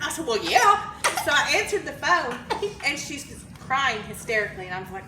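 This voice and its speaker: Animated woman telling a story, in a roomy hall. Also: on the high side, brisk. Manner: animated storyteller, laughs often, acts out the voices of people in her story. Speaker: emergency dispatcher. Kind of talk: storytelling in a casual interview. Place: conference hallway. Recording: roomy, distant, with background noise.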